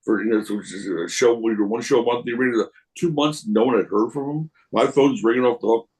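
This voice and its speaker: A wrestling promoter guesting on a podcast tells casual stories in a rambling, animated way, restarting often and acting out the voices of the people in his anecdotes. His voice is mid-range and quick with few pauses, on a low-quality recording.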